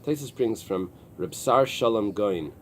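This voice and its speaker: Low-voiced rabbi teaching Talmud, halting. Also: male voice, expressive, a little hiss or hum. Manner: explains in halting restarts with many fillers. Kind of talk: early-morning Talmud class. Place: synagogue study room with a small group.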